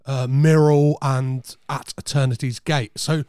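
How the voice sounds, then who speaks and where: A man's voice: mid-range voice, level tone, measured pace, darkish tone, smooth, dry recording, studio quality. A man co-hosting a film podcast in casual chat, talking enthusiastically and rambling with restarts. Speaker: podcast co-host.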